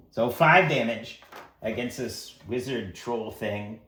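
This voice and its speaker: A man narrates a solo tabletop game in a loose, rambling, chatty style and perks up at the dice rolls. His voice is bright and forceful, and the room around him is echoey. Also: mid-range voice, moderate pace, slight background noise. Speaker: game master.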